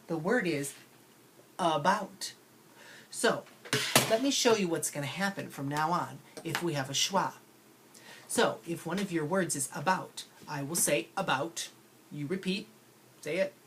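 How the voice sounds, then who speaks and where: A woman teaching children a spelling lesson, slowly stretching out and overpronouncing each sound. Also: lowish voice. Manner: slow, exaggerated enunciation of sounds. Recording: faint background noise.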